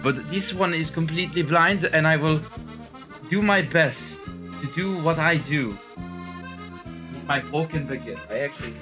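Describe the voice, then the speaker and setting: A man's voice: on the high side, a little slow, pushed and bright, faint music behind. Young man in a fake French accent. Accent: put-on French accent, slipping toward American. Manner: tired and exaggerated, stammering restarts, crude asides. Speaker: streamer reacting to a video. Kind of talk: comedic reaction commentary in persona.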